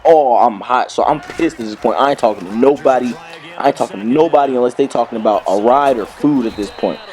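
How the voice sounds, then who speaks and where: A young man from Kentucky hosting a gaming channel, telling a comic story in slangy, jokey, animated speech. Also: medium pitch, fairly quick. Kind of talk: comic story time over gameplay.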